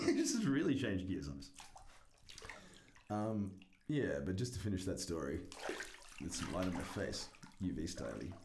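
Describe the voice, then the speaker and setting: A man vlogging to camera rambles and pokes fun at himself, swearing constantly and laughing at his jokes. His low voice has huge pitch swings, unhurried with frequent pauses, and the room echoes with faint noise.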